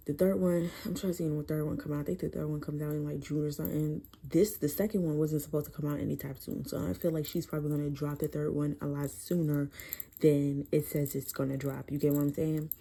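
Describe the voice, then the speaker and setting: A woman casually reviewing a book series in a chatty, profane, animated way. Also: sits low, a little fast, gravelly, husky.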